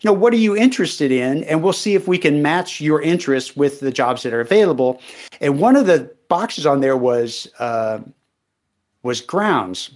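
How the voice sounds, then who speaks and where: A man's voice: a little high, lively intonation, moderate pace. A man co-hosting a casual podcast in an easygoing way, telling an anecdote from his past. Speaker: podcast co-host.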